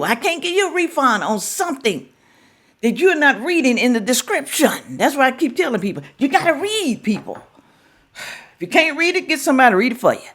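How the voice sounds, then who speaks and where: Lively-pitched older woman vlogger. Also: fairly quick. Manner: emphatic, asks viewers rhetorical questions. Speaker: reaction vlogger. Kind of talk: casual chat to viewers.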